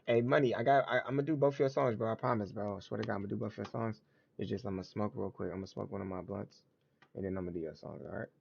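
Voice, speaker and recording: A man with a low, gravelly, husky voice rants casually to his livestream chat. He is blunt and slangy and repeats his points. The audio is dull and lo-fi. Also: fast, darkish tone, slight background noise. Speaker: livestream host.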